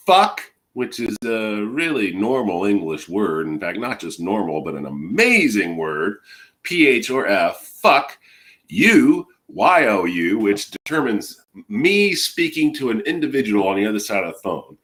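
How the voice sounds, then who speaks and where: A man in his forties, fighting off a cold, streams an angry and rambling rant full of swearing. His voice has a bright, forceful edge. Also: medium pitch. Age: 40s. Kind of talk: ranting monologue to camera.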